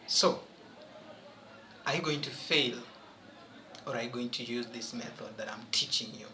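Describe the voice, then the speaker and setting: A man's voice: medium pitch, unhurried, sharp tone, roomy sound, low-quality recording. A man teaching a French exam-prep lesson, emphatic and questioning his students as he goes.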